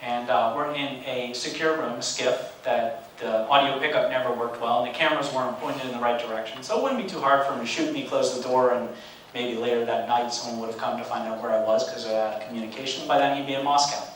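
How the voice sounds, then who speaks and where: Guy in his 40s telling war stories at a lecture, wry and lively, heard from way back in a big echoey hall. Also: mid-range voice, fast talker, a little hiss or hum. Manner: animated, conversational, wry humor. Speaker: guest lecturer. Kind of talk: storytelling lecture. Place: large university lecture hall. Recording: echoey hall, distant mic.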